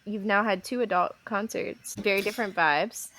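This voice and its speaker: A woman's voice: mid-range voice, moderate pace. A young woman co-hosting a podcast, telling stories in a casual chat, acting out quotes with a laugh. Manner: animated storytelling, acting out quotes, laughs often. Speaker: podcast co-host.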